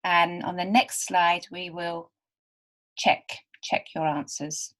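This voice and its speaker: Slow, patient woman teaching beginners. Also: lowish voice, little pitch movement, fairly bright tone. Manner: patient, stretches and repeats words. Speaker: literacy teacher.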